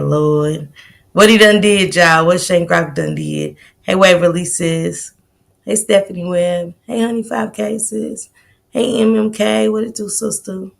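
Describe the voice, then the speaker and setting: A woman hosting a casual livestream, greeting viewers by name in relaxed, slangy banter. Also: medium pitch, vocal fry. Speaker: livestream host.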